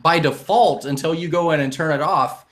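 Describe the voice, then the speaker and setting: A man's voice: fairly high pitch, moderate pace, fairly bright tone. A man hosting a casual podcast discussion, arguing heatedly and emphatically. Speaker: podcast host.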